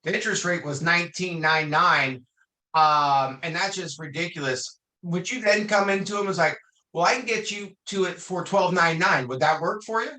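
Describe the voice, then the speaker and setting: A man with a high, bright voice asks a question in a sales class. He sounds hesitant, with plenty of ums. The room around him echoes. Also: moderate pace. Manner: hesitant, with many fillers. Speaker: class participant.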